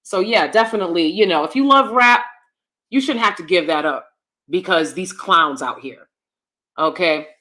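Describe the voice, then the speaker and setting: A woman, chatting casually and animatedly with her viewers while laughing often, swinging between loud bursts and soft asides. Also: lowish voice, normal speed. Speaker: channel host. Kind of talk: casual live-stream chat.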